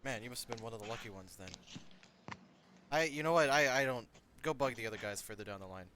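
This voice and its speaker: A man voicing a gruff, dismissive male dwarf worker who is curt and impatient. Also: medium pitch, quick pace, pushed and bright, slight background noise, close to an everyday voice. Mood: grumpy. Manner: curt and impatient, brushing people off.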